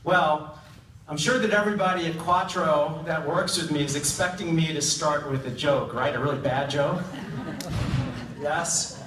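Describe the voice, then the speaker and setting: A middle-aged man gives an acceptance speech in a large event hall, hesitant and self-deprecating. His voice sits slightly high and reaches the mic from a distance. The room echoes, with faint ambience underneath. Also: a little slow, background noise. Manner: hesitant, many ums, self-deprecating humor. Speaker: award recipient giving an acceptance speech.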